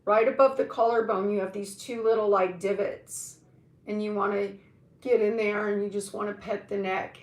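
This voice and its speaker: Slow, chatty woman in an echoey room. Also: medium pitch. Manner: chatty, joking, slangy, drawn-out. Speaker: live-stream host. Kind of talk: casual live-stream exercise demo.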